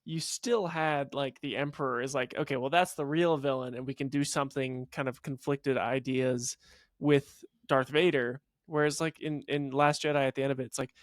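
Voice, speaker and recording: A man co-hosting a podcast in casual chat, excitable and swearing freely. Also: medium pitch, moderate pace, dry recording, studio quality. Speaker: podcast co-host.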